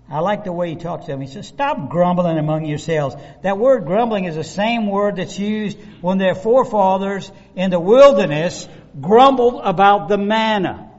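A man preaching a sermon, animated and conversational, acting out the voices of the people he describes. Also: sits high. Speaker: pastor. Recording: dull lo-fi recording.

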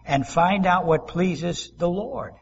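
Male pastor, expressive sermon delivery with acted asides, raspy tone, muffled sound. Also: sits high, slow. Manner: preaching with dramatic rises and quoted voices.

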